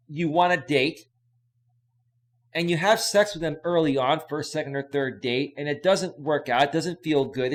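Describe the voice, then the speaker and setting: A man's voice: on the high side, fairly bright tone. A man coaching on relationships in a casual live stream, emphatic and repetitive, reading out viewer questions. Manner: emphatic, repetitive, reads chat questions aloud.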